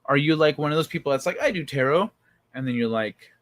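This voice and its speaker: A man's voice: medium pitch, quick pace. A man hosting a casual livestream, chatting loosely with viewers and swearing freely. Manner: loose, profane, joking with chat. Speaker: livestream host. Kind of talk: casual livestream chat reading viewer comments.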